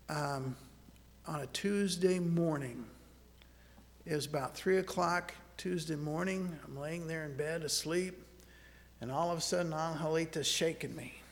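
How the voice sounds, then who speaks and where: A man preaching a sermon, moving from scripture into a personal story, earnest and halting, often repeating words as he restarts. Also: a little high, long reverb tail.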